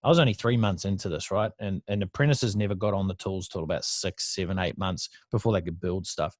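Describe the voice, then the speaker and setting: A man's voice: deep voice, brisk, no echo. An Australian man in his thirties, a podcast guest, telling stories from his past in a blunt, profane, casual way with frequent laughs. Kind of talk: casual storytelling interview.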